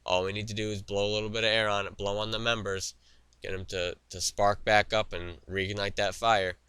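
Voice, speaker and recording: A young man with a low, crisp voice rants about wrestling on his own show. He talks in an opinionated, rambling way, with lots of fillers and restarts. The sound is dry and close, with almost no room echo. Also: level tone, a little fast, bright, forceful tone. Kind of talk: solo opinion commentary. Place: studio.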